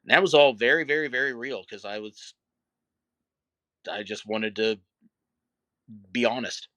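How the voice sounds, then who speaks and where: A man's voice: mid-range voice, unhurried, pushed and bright, dry recording. A middle-aged man, a wrestler guest, talking candidly and reflectively in a casual interview, with many fillers.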